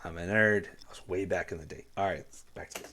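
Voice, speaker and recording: A man's voice: low-pitched, fairly even intonation, fairly quick. A man hosting a music reaction video, talking in an earnest, rambling way with many fillers and restarts. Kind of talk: casual reaction commentary.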